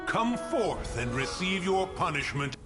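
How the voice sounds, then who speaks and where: An actor playing a stern, ancient guardian spirit of a mountain who speaks in an archaic, formal, menacing way. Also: male voice, sits high, very animated, unhurried, in a large hall, music in the background. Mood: wrathful. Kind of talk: game cutscene voice acting.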